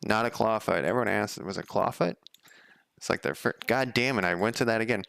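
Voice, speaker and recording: A man's voice: lowish voice, a little fast, vocal fry, fairly bright tone, clear, resonant tone. A man developing a game on a live stream, chatting casually and rambling off on tangents as he thinks aloud. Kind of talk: casual live coding chat.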